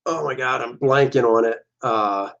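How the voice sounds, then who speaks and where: A man in a middle pitch talks casually through his old comic art on a livestream, joking and acting out his characters' lines in quick bits. The audio sounds a little dull and lo-fi. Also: vocal fry, a bit bright. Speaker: comic book artist.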